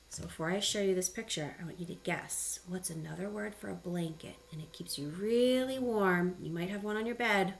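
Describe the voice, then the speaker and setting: A woman teacher reading a picture book aloud to children, animated and asking them questions. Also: fairly low pitch, normal speed, vocal fry, hardly any pauses, a little hiss or hum.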